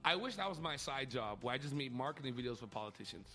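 A man hosting a campus radio show in casual chat, laughing often and jumping into high squeals. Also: big pitch swings, fast, pushed and bright, faint music behind.

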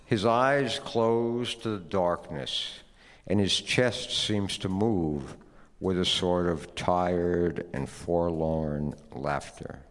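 Deep slow male story narrator. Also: in a large hall. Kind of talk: literary story reading.

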